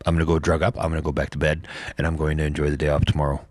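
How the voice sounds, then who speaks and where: A man's voice: rumbling low, flat delivery, rapid-fire, no room sound. A middle-aged man hosting a casual livestream from home, telling rambling stories, swearing freely and laughing at himself. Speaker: livestream host chatting with viewers. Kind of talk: casual storytelling.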